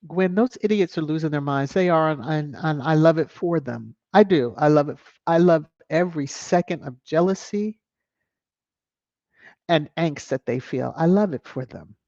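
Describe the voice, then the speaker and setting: A chatty live stream host reads viewer comments aloud and laughs often, in an animated way. The audio is dull and lo-fi with a dry, close sound and no room echo. The voice sits at a middle pitch. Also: moderate pace.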